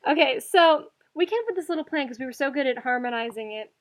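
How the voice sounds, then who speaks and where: A woman's voice: high-pitched, animated, fast talker. A young woman telling rambling stories in a casual chat with a friend. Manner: chatty storyteller, rambling tangents. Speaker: co-host.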